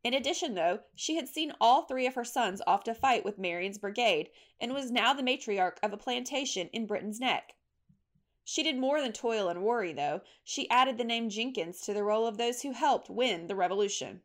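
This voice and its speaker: A woman reading a history story as scripted narration, measured and steady. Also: on the high side.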